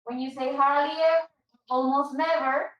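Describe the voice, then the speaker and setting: High-voiced woman teaching English in an echoey room. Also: steady tone, normal speed, recorded from a distance, lo-fi sound. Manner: patient, switches to Spanish to explain. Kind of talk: online English class.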